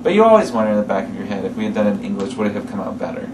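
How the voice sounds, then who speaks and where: A man's voice: on the low side, sing-song, very fast. A man who co-created a fan film, chatting and thinking aloud with filler words. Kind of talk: casual chat. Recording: echoey room, distant mic, air-conditioner hum.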